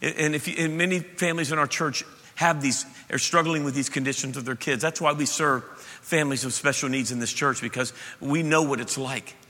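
A middle-aged male pastor preaches with impassioned emphasis, his voice a little high and very bright. The sound rings with the long reverb of a church hall. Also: steady tone, a little fast. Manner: impassioned, emphatic preaching that swings from loud to soft. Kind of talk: sermon. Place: church sanctuary.

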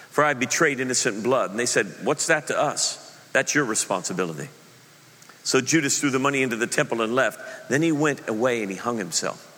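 A middle-aged man preaching a sermon as pastor, telling the story lively and acting out the quoted voices himself. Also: medium pitch. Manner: animated storytelling, acts out quotes, laughs at own slip. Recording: long hall reverb.

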